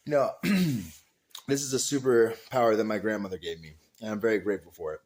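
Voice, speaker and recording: A man's voice: animated, quick pace. A man hosting his own video, telling a rambling story in an emphatic, profane way. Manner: emphatic and profane, with big swings in pitch and loudness. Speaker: vlog host.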